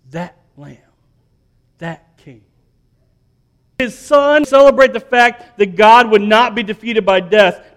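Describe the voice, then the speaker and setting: A higher-pitched man preaches an Easter-style sermon with emphatic, repetitive rhythms. He sounds like a pastor in his thirties speaking to a congregation. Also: fairly bright tone. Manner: emphatic, repeats words when building up.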